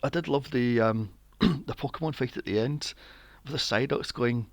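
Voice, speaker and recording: A man's voice: mid-range voice, moderate pace, gravelly, no room sound. A man co-hosting a movie podcast, ranting in an exasperated, sweary way and mocking characters with silly voices. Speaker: podcast co-host. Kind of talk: casual movie review chat.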